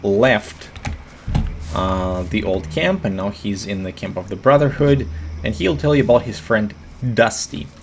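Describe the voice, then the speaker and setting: A man giving monotone, hesitant game walkthrough commentary with many fillers. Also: lowish voice, measured pace, noisy background.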